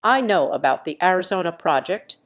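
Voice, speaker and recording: A woman's voice: mid-range voice, moderate pace, close to an everyday voice. A woman reading as a cold, scheming father. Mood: calm. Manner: calm, flat, menacing. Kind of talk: narrated storytime reading.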